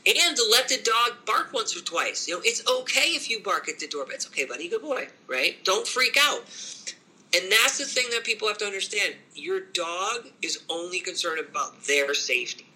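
A middle-aged man talking casually as a dog trainer, animated and quick to act out owners and dogs in little voices. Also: high-pitched, rough recording. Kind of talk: casual podcast conversation.

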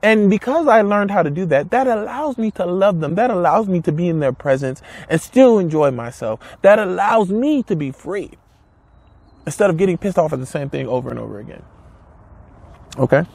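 A man with a fairly high, husky voice delivers a casual motivational talk to camera. His pitch swings widely as he hammers home his points with repeated rhetorical questions. His wording is blunt and direct. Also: big pitch swings, normal speed, darkish tone, no echo. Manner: emphatic, repetitive, rhetorical questions. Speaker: motivational speaker.

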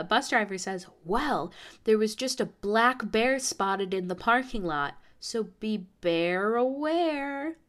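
A young woman from the United States, a podcast host telling a travel story in a casual, animated way, acting out the people she quotes. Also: fairly low pitch. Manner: animated, acts out quoted voices.

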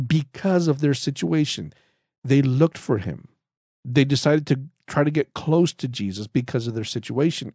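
Earnest man teaching the Bible, mellow and dry. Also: medium pitch, no room sound. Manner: earnest, conversational, with frequent restarts and repetition. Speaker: Bible teacher and podcast host. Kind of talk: casual spoken Bible teaching.

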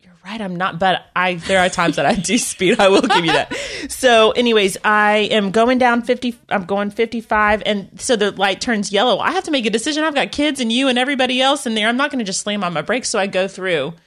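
A middle-aged woman telling a story in casual chat, animated and often laughing. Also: medium pitch, fairly quick.

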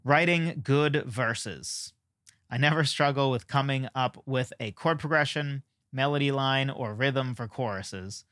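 A man's voice: mid-range voice, a little slow, a bit bright, dry recording, clean studio sound. A man hosting a solo podcast, talking casually in a rambling way with frequent fillers and self-deprecating asides. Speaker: podcast host.

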